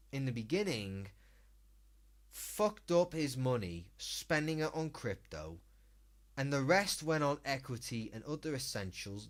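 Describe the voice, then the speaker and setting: A man's voice: a little high, fairly bright tone. A British man streaming live, ranting and swearing as he reacts to a video.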